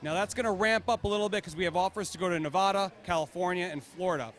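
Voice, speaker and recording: High-voiced man pitching his vodka. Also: quick pace, a bit bright, soft background music. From United States. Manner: enthusiastic, laughs often, repeats words. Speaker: vodka brand founder. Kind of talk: casual interview chat.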